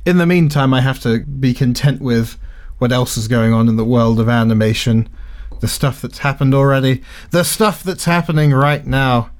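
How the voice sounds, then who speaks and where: A man's voice: mid-range voice, fairly even intonation, normal speed. A man co-hosting a casual comedic podcast chat, talking in a dry, sarcastic, playfully grumpy way. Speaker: podcast co-host.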